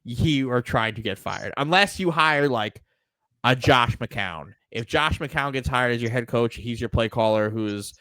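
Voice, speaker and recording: A man's voice: medium pitch, unhurried, no echo. A man co-hosting a sports podcast, ranting casually and swearing often. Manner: profane, animated ranting. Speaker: podcast co-host.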